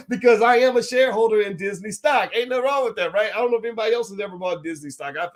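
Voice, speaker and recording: A man's voice: high-pitched, quick pace, hardly any pauses. A man speaking to camera as a finance commentator, emphatic and repetitive, with stammering restarts and laughs. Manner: laughs while talking.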